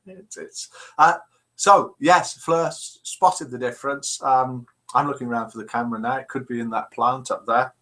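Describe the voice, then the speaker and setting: Older guy hosting a live chat, bright voice, lots of uhs, pokes fun at himself. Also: mid-range voice, steady tone, moderate pace. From England. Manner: chatty and self-deprecating, with frequent "uh" fillers. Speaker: host of a live chat show. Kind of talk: live-stream chat, reading out viewer messages.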